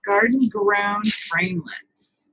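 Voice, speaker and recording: A woman's voice: medium pitch, slow, pushed and bright, a little hiss or hum, rough recording. A woman hosting a live papercrafting chat, talking casually, answering viewers by name and often correcting herself as she goes.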